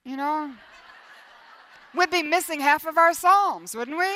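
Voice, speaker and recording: A middle-aged woman preaching a sermon in an earnest, lively way, moving between emphatic lines and hushed ones and repeating phrases for emphasis. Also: high voice, unhurried, a little hiss or hum.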